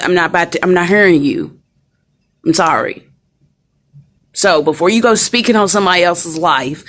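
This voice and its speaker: A woman's voice: mid-range voice, fairly bright tone. A woman ranting emphatically on a casual live stream from a hospital room, talking straight to her viewers and repeating herself. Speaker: livestreamer.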